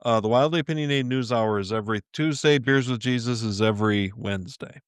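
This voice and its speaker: Earnest man with a smooth voice. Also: medium pitch, fairly quick, dry recording, studio quality. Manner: earnest, stammering restarts, frequent "you know what I mean". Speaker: podcast host. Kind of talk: casual faith podcast chat.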